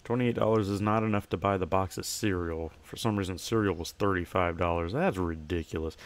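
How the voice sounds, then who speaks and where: A man's voice: low-pitched, moderate pace, hardly any pauses. A young man giving casual gameplay commentary, chatting to himself and breaking into playful, chirpy shopkeeper greetings to customers. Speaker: gamer.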